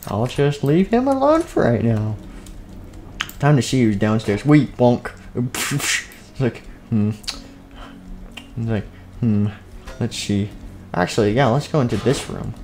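A man's voice: mid-range voice, slow, pauses often, darkish tone, a little hiss or hum. A man streaming and narrating a game role-play, playful and rambling, often laughing.

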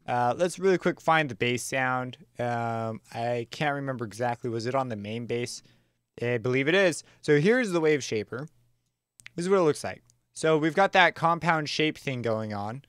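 A man teaching a casual music production tutorial, talking in a relaxed, chatty way with slang and plenty of fillers and self-corrections. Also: medium pitch, smooth, no echo, clean studio sound. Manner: enthusiastic, uses slang. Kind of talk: casual screen-recorded software tutorial.

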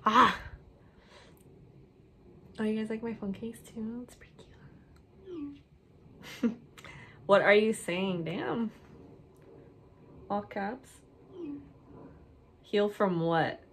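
A woman's voice: mid-range voice, fairly even intonation, very slow, long pauses, fairly bright tone, slight background noise. A young woman casually chatting to viewers while pranking her boyfriend, laughing often and making playful asides. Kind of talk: casual prank vlog chat.

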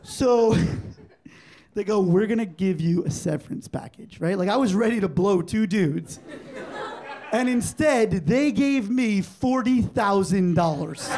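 A man in his forties works a live comedy room with a stand-up set. His voice sits very high for a man, and he tells his stories with animated punch, acting out both sides of each exchange on a handheld stage mic. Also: a little slow, a crowd in the background, noisy background. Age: 40s. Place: comedy club stage before a live audience.

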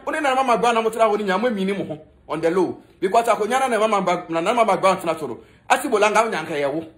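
A man's voice: very high-pitched, fairly bright tone. A man with a Ghanaian accent giving a mocking, scolding gossip commentary that switches between Twi and English. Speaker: entertainment commentator.

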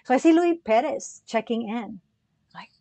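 Woman guest, bright higher voice, chatty and animated, spins stories with laughs. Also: moderate pace, no echo. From United States. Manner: animated, chatty, laughs often, restarts sentences. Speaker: podcast guest, musician and educator. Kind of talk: casual storytelling chat.

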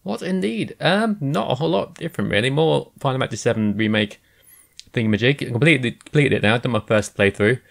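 A man's voice: medium pitch, animated, a little fast, vocal fry. A man with an English accent co-hosting a podcast in casual chat, joking, laughing often and repeating himself. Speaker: podcast co-host.

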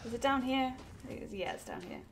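A woman gaming YouTuber comments while playing a horror game, jumpy and swearing, often screaming at the scares. She has a high voice and a moderate pace, with steady background noise in the recording.

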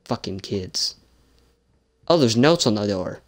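A man's voice: fairly low pitch, animated, slow, soft background music. A young man casually commenting on a horror game he is playing, sarcastic and jumpy, swearing often. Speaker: gameplay streamer.

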